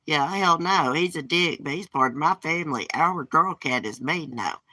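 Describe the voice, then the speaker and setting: A woman's voice: low voice, expressive, normal speed, sharp tone, no room sound. A woman hosting a casual live stream from her porch, talking in a blunt, gossipy and profane way. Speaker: livestream host. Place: outdoors on a porch.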